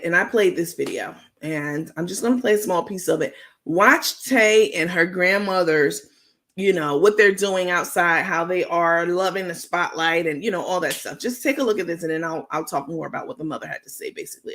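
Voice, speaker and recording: A woman's voice: on the low side, normal speed, a bit bright. A woman with a New York accent hosting a gossip commentary stream, chatty and slangy with lots of fillers. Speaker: host.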